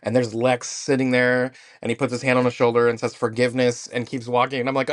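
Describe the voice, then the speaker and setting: Laughing a lot, a podcast host enthusiastically shares how his weekend went in a casual episode. His voice stays at a middle pitch with a steady tone and fast pace, in a dry, close recording with no echo.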